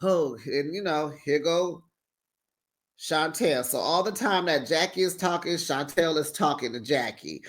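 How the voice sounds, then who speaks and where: Sassy animated man recapping gossip. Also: fairly high pitch, unhurried. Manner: sassy, animated, laughing, acts out quotes. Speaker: recap show host. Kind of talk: casual reality TV recap.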